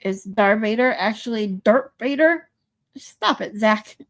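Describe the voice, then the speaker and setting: A woman with a fairly high, animated voice hosts a relaxed livestream at an unhurried pace. She banters playfully, reads viewer comments out loud and tries out pronunciations.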